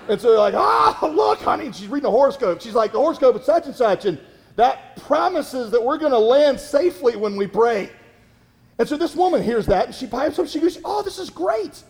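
A man preaching a sermon as a pastor, telling a story in a conversational way, halting with fillers and restarts. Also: high-pitched, a little mellow, big-room sound.

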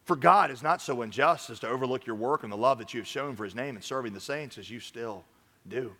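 A man preaching a sermon from a church stage, swinging between loud urging and quiet earnest talk. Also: medium pitch, a little fast, in a large hall. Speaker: pastor.

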